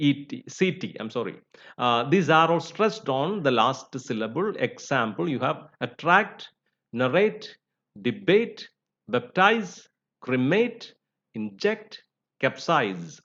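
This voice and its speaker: A methodical male teacher walks through pronunciation rules, spelling out word endings letter by letter and dropping frequent fillers. His voice sits a little high for a man. The recording is dull and lo-fi. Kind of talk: spoken lesson on word stress.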